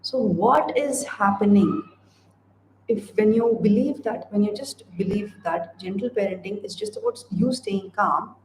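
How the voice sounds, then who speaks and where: A woman parenting coach speaks earnestly into the camera, pitched at an ordinary middle height. She addresses parents directly and stacks up repeated phrases one after another. Her voice rings in a roomy space with a faint hiss of noise behind it. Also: moderate pace, a little mellow. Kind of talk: direct-to-camera advice talk.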